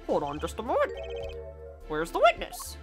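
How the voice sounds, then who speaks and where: A woman's voice: medium pitch, huge pitch swings, over music. Fussy elderly judge, hesitant delivery, put on by a woman streamer. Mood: ponderous. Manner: halting, hesitant. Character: elderly male courtroom judge, fussy and easily swayed. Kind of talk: reading game dialogue aloud.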